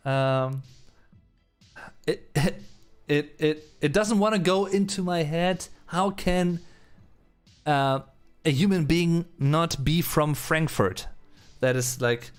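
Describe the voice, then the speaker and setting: A man with a German accent hosts a live stream, reading viewers' comments aloud and answering in a loose, conversational manner filled with "uh" and "um." His voice sits at an ordinary middle pitch for a man. Faint music plays quietly behind him. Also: fairly even intonation, unhurried, pauses often. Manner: casual and chatty, with frequent "uh" and "um". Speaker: host.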